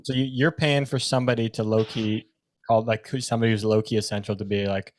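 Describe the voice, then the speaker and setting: A young man co-hosting a relaxed podcast, tossing in quick, slangy reactions and the odd swear. He talks at a brisk clip, in an everyday mid-range voice. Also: medium pitch. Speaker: podcast co-host. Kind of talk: casual chat.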